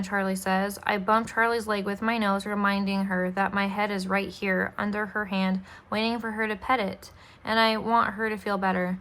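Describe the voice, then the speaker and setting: A woman reads a children's chapter book aloud in a bright, clear voice. Her tone is friendly and informal, and she stumbles now and then and says sorry. Her pitch sits in an ordinary middle range. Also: level tone, moderate pace. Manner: friendly, apologizes for slips. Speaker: storyteller, channel host.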